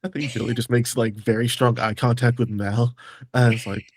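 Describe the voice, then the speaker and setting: Husky man player. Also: mid-range voice, level tone, brisk, darkish tone, no echo. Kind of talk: tabletop role-play.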